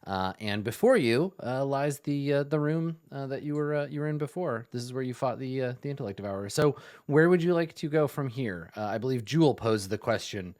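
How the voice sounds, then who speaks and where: A man's voice: mid-range voice, brisk, few pauses. A man running a tabletop game as game master, with many fillers and restarts as he narrates. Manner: lively, full of fillers and restarts.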